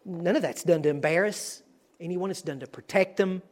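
A man's voice: high-pitched, moderate pace. A man preaching as a guest, earnest and building to emphatic declarations. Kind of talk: sermon.

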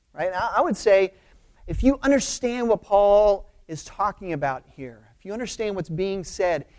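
Casual preacher giving a sermon, unhurried, keeps tossing in "right?", leans hard on key words. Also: medium pitch. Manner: informal, often checks in with "right?". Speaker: pastor. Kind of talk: conversational sermon.

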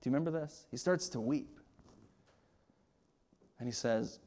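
A man's voice: medium pitch, measured pace, pauses often, a little mellow. A man preaching a sermon, pressing his points with rhetorical questions and often repeating words as he starts a phrase. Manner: emphatic, with rising and falling emphasis and rhetorical questions. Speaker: pastor.

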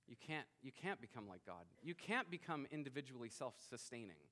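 A man in his thirties preaching a sermon as pastor, emphatic, rising to loud bursts and dropping quiet. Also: medium pitch, expressive, normal speed.

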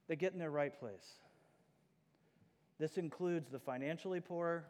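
A man's voice: a little high, measured pace, long pauses, a little mellow, long reverb tail. A man preaching a sermon as pastor, earnest and emphatic. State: out of breath.

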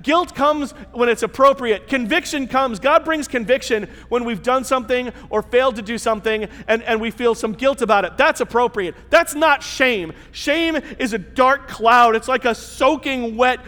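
A man's voice: extremely high pitch, normal speed, few pauses, pushed and bright. A man preaching a sermon to his church in a conversational way, with rhetorical questions and emphatic repetition. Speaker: pastor. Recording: long church-hall reverb.

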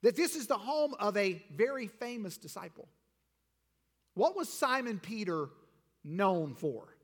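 Male pastor, high voice, preaching sermon with rising emphatic bursts. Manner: preaching with rising, shouted emphasis and rhetorical questions.

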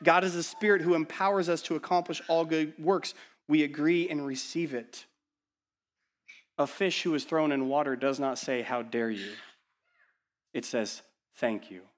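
Man preaching with hushed and loud swings. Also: fairly high pitch, fairly even intonation, normal speed. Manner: urgent, rhetorical questions, swings between loud and hushed. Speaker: pastor. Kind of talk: sermon. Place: church.

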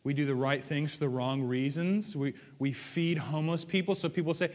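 A man's voice: on the high side, quick pace, few pauses. Man preaching in a reverberant hall. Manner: conversational preaching with playful acted asides. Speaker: pastor. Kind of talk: sermon.

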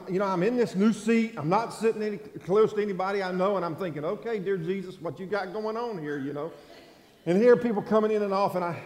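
A pastor delivers a sermon in a folksy, storytelling voice, swinging from loud to hushed. His voice sits a little high for a man. It rings through a large hall with a long, echoing tail. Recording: echoey hall, long reverb.

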